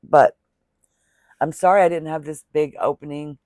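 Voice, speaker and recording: Speaking at normal speed with fairly even intonation, a crochet vlogger has a slightly high voice with a darkish tone, captured in studio quality with no room sound. He rambles casually to camera, heartfelt, blessing and thanking his viewers in religious terms.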